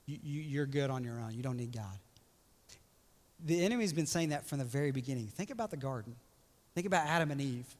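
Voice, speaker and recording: A young adult man preaching a sermon as pastor, animated and joking, often slipping into playful voices for quotes. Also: mid-range voice, a little fast. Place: church hall. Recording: reverberant church hall.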